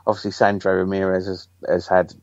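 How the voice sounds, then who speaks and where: Male interview guest, very deep gravelly voice, dry muffled lo-fi sound. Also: completely flat delivery, a little fast, dry recording. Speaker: guest football writer. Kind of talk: pre-recorded interview. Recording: dull dry lo-fi line.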